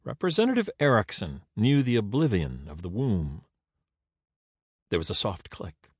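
A man narrating an audiobook in an expressive, dramatic reading. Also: lowish voice, moderate pace, slightly rough, no room sound, clean studio sound.

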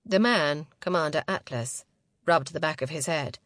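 A woman narrating a science fiction novel in a steady, even storytelling manner. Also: low-pitched, normal speed, no room sound. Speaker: audiobook narrator. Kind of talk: scripted narration.

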